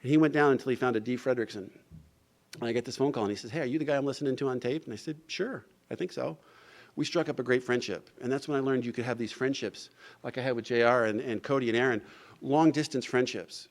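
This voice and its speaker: Speaking quickly at a medium pitch, a middle-aged New Jersey man shares his recovery story in an event hall. He acts out the conversations as he goes and sprinkles in "you know" again and again.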